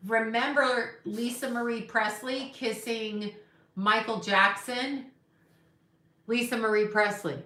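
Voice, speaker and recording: A woman runs a casual livestream and chats with viewers in an opinionated, gossipy way. Her voice is bright and forward. The sound is roomy and echoey, like a phone or webcam picking her up in a room at home. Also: mid-range voice, unhurried. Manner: chatty, opinionated, gossipy asides. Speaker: psychic livestream host. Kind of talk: casual livestream chat reading comments.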